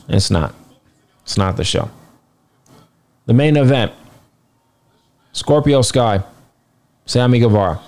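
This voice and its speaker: A man's voice: mid-range voice, a little mellow. A man casually reviewing a wrestling show, blunt and rambling, swearing now and then, sounding tired. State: tired, yawning.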